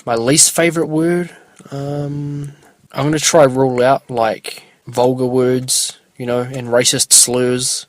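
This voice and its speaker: A young man chatting alone on his podcast, rambling and unhurried with plenty of filler. His voice sits at an ordinary middle pitch. The sound is dry and close, with no room echo. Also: little pitch movement. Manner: rambling, laid-back, lots of filler. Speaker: podcast host. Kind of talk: casual solo podcast chat.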